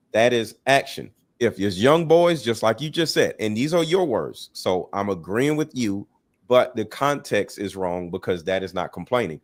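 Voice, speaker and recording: A man's voice: lowish voice, lively intonation, normal speed. A man hosting a livestream, lecturing in a blunt, emphatic way with plenty of swearing. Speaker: livestream host. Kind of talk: casual livestream commentary.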